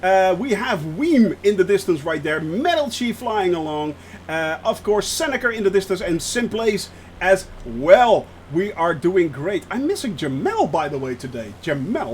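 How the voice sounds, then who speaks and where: A man's voice: sits high, sing-song, measured pace, a little hiss or hum. A man, chatting live with viewers while streaming a flight sim, joking and laughing often as he reads the chat aloud.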